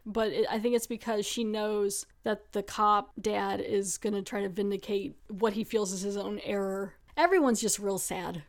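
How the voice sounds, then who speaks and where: A woman's voice: medium pitch, fairly even intonation, moderate pace, hardly any pauses. A young adult woman casually recapping a horror film she has watched. She talks in a chatty way with lots of "like" fillers and wry asides. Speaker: movie reviewer.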